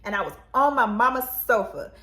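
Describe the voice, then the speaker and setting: A woman co-hosting a book channel, chatting casually and telling rambling, animated stories. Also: a little high, fairly quick, roomy sound.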